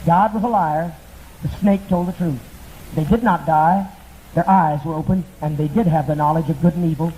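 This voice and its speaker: A man's voice: a little high, moderate pace, mellow. A man preaching a fiery, profane sermon, mocking and impassioned in his delivery. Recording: tinny lo-fi archival tape with faint hiss.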